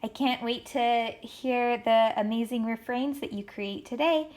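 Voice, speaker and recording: Woman, teacher, encouraging, clear, step-by-step writing lesson. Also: a little high, a little slow, a little mellow. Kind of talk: recorded writing lesson for children.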